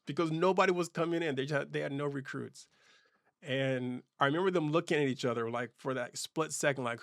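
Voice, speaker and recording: A man's voice: fairly high pitch, fairly quick, gravelly, dry recording, clean studio sound. A man in his forties, hosting his own show, telling a personal story in a loose, casual way full of fillers and restarts. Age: 40s. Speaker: host.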